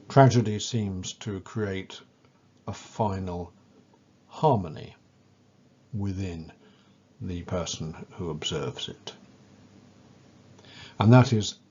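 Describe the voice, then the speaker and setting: A man giving a measured, scripted lecture and leaning on key words as he explains ideas. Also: low-pitched, warm tone, husky, lo-fi sound.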